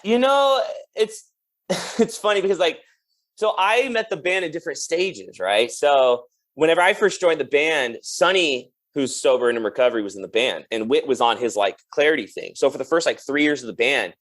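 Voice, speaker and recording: A young man in a casual podcast chat, his voice sitting a little on the high side. He tells stories in a loose, laid-back way, filling them with "like" and breaking into laughter while he mimics the people in them. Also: lively intonation, moderate pace, fairly bright tone. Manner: laid-back storyteller, lots of "like" and laughs, acts out quotes. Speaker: podcast guest, drummer.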